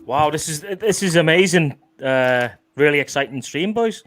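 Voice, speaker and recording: Male host, casual and profane, slightly high voice, video call. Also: animated, moderate pace, a bit bright, soft background music. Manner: swears freely, laughs a lot. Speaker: livestream host. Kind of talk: casual chat.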